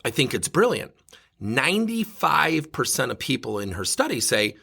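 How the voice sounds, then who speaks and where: Male coach hosting a solo podcast, bright and husky, animated storyteller. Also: mid-range voice, moderate pace. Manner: animated, self-mocking storyteller. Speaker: leadership coach and podcast host.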